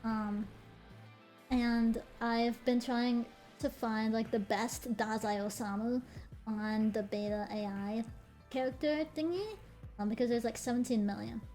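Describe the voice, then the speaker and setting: A young woman streaming tells a story in casual chat, her voice sitting a little high. She's animated, swears freely, and drops quick laughing asides, with faint music underneath.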